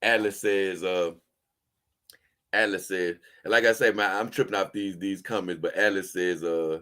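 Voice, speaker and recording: Speaking in a low, steady voice at a moderate pace with a bit of brightness, a doll-collecting vlogger replies to viewers' comments. The talk is slangy, emphatic, and repetitive, full of tripped words and restarts.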